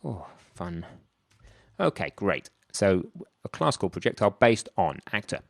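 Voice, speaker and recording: A man's voice: sits low, sing-song, moderate pace, vocal fry, no echo, studio quality. A man thinking aloud in a chatty way as he works through a screen-recorded programming tutorial. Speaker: programming instructor.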